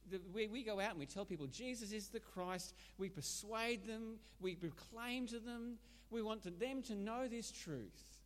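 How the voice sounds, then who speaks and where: A man delivers a sermon with emphatic, animated drive. His pitch climbs and falls widely as he presses his points. Long reverb rings around him in the hall. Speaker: preacher.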